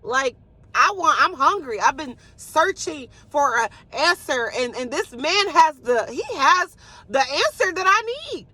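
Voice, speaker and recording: A woman voicing a sassy, blunt young biblical woman with a high, brassy voice during a devotional talk. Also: very animated, measured pace, bright, forceful tone, no echo, heavily acted. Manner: blunt and teasing.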